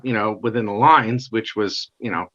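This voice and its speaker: A middle-aged man telling his life story in a casual interview, animated and acting out the voices of others. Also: lowish voice, normal speed. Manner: animated, acts out quoted dialogue. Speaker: guest comic artist. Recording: dull lo-fi sound.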